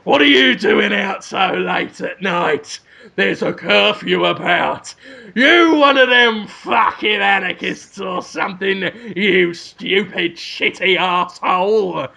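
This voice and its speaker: A man's voice: high voice, slow, gravelly, pushed and bright, heavily acted. Man putting on a snarling fascist police thug. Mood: threatening. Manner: snarling, insulting.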